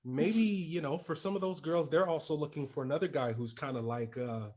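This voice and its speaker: A man's voice: fairly high pitch, brisk, darkish tone. A man on a discussion panel, talking in a thoughtful and slightly hesitant way. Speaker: panel guest. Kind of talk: casual panel chat.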